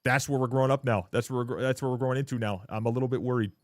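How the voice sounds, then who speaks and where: A young man talks straight into a close mic on a live stream, ranting at his chat in a blunt, profane way. His pitch sits in the middle range, and the sound is dry with almost no room echo. Now and then he slips into mocking voices of other people. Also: steady tone, rapid-fire. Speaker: livestreamer.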